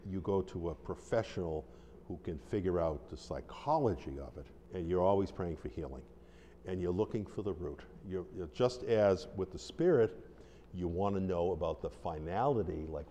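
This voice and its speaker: Deep-voiced man teaching in a reverberant hall. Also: warm tone, slight background noise. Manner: conversational, rambling, with restarts and acted-out quotes. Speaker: deliverance minister. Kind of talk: informal teaching talk.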